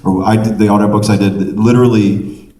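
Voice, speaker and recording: Deep, mellow-voiced panel moderator man. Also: steady tone, fairly quick. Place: convention panel room. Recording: echoey hall from far off.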